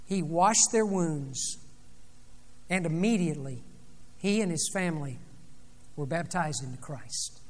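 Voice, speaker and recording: A man preaching a sermon, retelling a scripture story dramatically, rising loud and dropping soft. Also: on the high side, animated, a little slow, long pauses. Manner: dramatic storytelling with sweeping swings in loudness. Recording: long reverb of a large hall.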